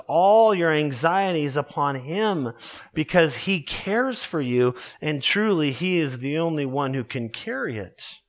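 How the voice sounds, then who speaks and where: A man preaching a sermon, earnest and emphatic, slowing down to stress scripture verses. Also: fairly high pitch. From Colorado, USA. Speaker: pastor.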